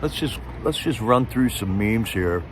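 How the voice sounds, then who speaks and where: A man's voice: fairly low pitch, lively intonation, unhurried. Man, live stream host, rambling casual chat, sarcastic asides, faint hum behind. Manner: rambling, sarcastic, with frequent restarts.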